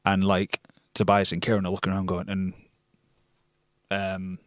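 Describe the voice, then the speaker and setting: A British actor telling stories as a guest in a casual interview, blunt and swearing freely. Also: male voice, deep voice, completely flat delivery, moderate pace, dry recording, studio quality. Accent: non-RP British. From Britain.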